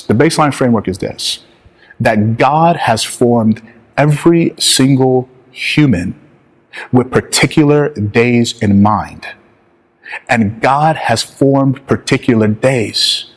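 Guy giving a sermon, kinda husky, leans hard on key words and slows way down. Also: mid-range voice. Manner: emphatic, slows down for key phrases. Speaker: pastor.

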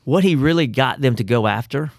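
A man co-hosting a casual Bible study podcast, telling the stories in an animated way. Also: mid-range voice, fairly quick, dry recording, studio quality. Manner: animated storyteller. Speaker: podcast co-host.

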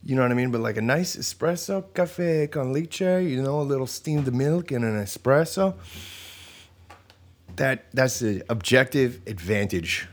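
A man hosting a podcast in a casual, comedic monologue, animated and profane, joking and sometimes trailing into mumbles. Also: mid-range voice, normal speed.

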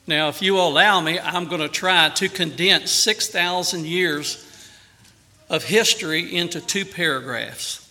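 A man preaching a sermon earnestly, with emphatic rises on key phrases and a quieter, softer voice in prayer. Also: fairly high pitch, measured pace.

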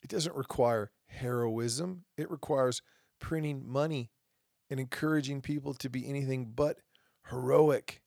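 A man's voice: medium pitch, unhurried, creaky, a little mellow, dry recording, studio quality. A man hosting a podcast, giving an impassioned opinion monologue with mocking asides. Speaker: podcast host.

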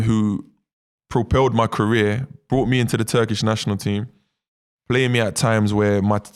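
A man, a footballer telling stories in a casual interview, animated and full of tag questions. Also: lowish voice, vocal fry. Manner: animated storyteller, many fillers and tag questions. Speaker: footballer guest.

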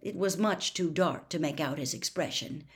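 A woman reading a storybook aloud as narrator, slow and measured. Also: deep voice.

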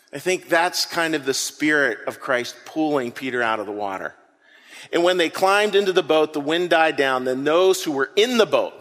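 A man preaching a sermon to his congregation, telling a story with lively acted-out moments. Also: fairly high pitch, big-room sound. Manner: animated storytelling preacher, acts out scenes. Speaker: pastor. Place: church hall with an audience.

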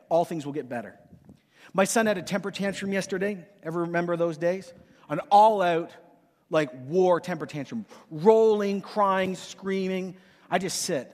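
A man's voice: high-pitched, long reverb tail. A male pastor preaching with emphatic repetition and playful acted asides in a sermon.

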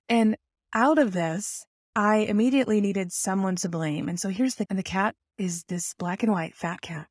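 A woman telling a personal story in an animated, self-mocking way, full of rambling asides. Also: medium pitch, dry recording, studio quality.

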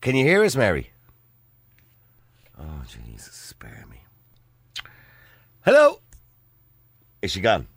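A man's voice: sits low, huge pitch swings, a little slow, long pauses, a bit bright, husky, no echo. An Irish man hosting a phone-in radio show, teasing and bantering with a caller. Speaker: radio talk show host.

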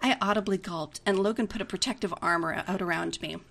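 Bright-voiced woman reading a story. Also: mid-range voice, fast, vocal fry. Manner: chatty, giggly narration. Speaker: story reader. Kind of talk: reading a romantic comedy story aloud.

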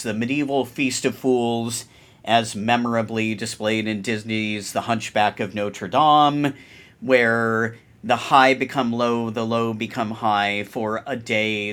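Guy cohosting a podcast, talks real slow, thinks out loud. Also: medium pitch. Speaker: podcast co-host. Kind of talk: casual chat.

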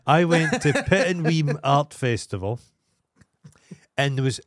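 A man with a Scottish accent co-hosting a podcast, dropping in wry, deadpan remarks. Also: a little high, normal speed, dry recording, clean studio sound. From Scotland. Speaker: podcast co-host. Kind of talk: casual chat.

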